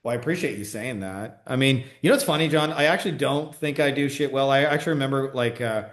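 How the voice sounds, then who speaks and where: A man's voice: mid-range voice, fast talker. A man who coaches online business, talking casually and profanely on a livestream and answering comments, with many "like" fillers. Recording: roomy echo.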